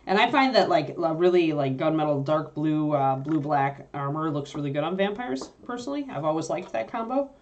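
A woman's voice: sits low, animated, a little fast, few pauses, dull audio. A woman casually teaching miniature painting, thinking aloud with fillers as she mixes paints at her workspace. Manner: chatty, thinks aloud with fillers while working.

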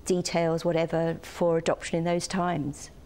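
Older woman, UK-raised, low voice, gentle and hesitant interview guest. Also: level tone, moderate pace, clean tone. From United Kingdom. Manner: soft-spoken, hesitant with many ums.

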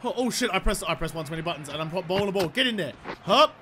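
A young man giving excitable, swearing commentary over a cricket video game he is playing. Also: high voice, fast talker, noisy background. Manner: excitable, swears freely, talks to his player. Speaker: gaming YouTuber. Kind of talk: gameplay commentary.

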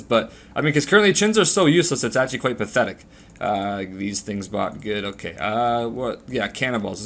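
This gaming channel host is a man with a medium, slightly bright voice. He rambles casually through gameplay commentary, talking to his viewers as he plays and swearing freely.

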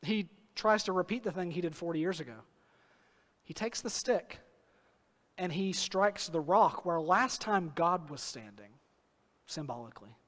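A high-pitched man preaches in a church, his voice trailing off into a long hall reverb. He talks earnestly and slows right down to stress key phrases. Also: expressive, a bit bright. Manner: earnest preaching with sudden slow emphatic phrases and acted quotes. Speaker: pastor. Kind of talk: sermon. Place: church sanctuary.

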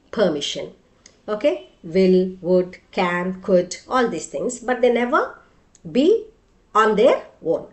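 A woman explains grammar to her class, her voice rising and falling in a lively, animated way. She says each example sentence twice and keeps checking in with "okay" and "right". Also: mid-range voice. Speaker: English grammar teacher. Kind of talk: explanatory lesson.

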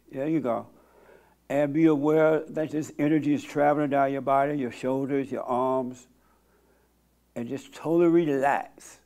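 A man hosting a church meeting, counseling a guest bluntly and then leading a slow guided silent prayer. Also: on the high side, darkish tone. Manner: blunt, plain-spoken, teasing; slow, soothing instructions during meditation.

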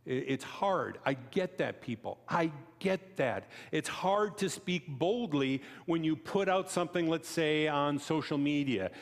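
A preacher delivers a conversational sermon in a church sanctuary, his voice expressive and measured, with few pauses. He tells stories, makes chatty asides to the congregation, and acts out quoted voices with sharp jumps in pitch. The recording carries the long reverb of a church hall.

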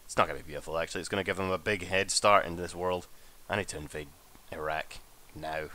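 Young man, low voice, bright tone, casual gameplay commentary, swearing, joking, excitable. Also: fast talker. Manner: excitable, joking and profane, with sudden high-pitched outbursts. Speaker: gamer and channel host. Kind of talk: casual strategy-game commentary.

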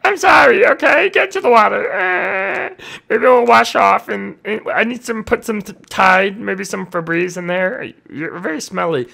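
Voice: mid-range voice, a little slow, creaky, pushed and bright. A co-player in an improvised game role-play, speaking in a bumbling, sheepish, hesitant way.

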